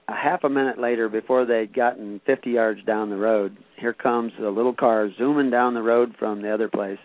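A man's voice: medium pitch, no echo. Preacher man on a tinny radio line. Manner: folksy storytelling, rising to emphatic preaching. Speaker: pastor. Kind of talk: sermon. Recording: dry, tinny phone-like radio broadcast.

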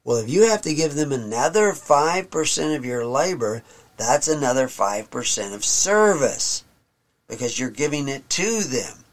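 Slow-speaking man teaching scripture. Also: medium pitch, expressive. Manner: reads scripture slowly and solemnly, then explains in plain talk. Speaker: Bible teacher.

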